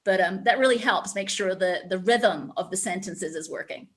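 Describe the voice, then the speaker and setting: A woman's voice: medium pitch, moderate pace. A woman with a Scottish accent, an author reading from her novel and then chatting enthusiastically in an interview. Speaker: author guest.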